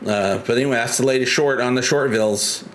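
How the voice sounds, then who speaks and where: Brief: male stream host, middle pitch, rambly chat, faint hiss behind. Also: brisk, fairly bright tone. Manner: rambling, many restarts, chatty and joking. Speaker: livestream host. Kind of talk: casual live-stream chat.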